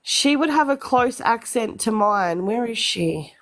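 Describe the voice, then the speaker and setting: Slow, high-voiced broad Australian woman. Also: expressive. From Melbourne, Australia. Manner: self-deprecating, blunt, swears casually. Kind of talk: casual livestream chat.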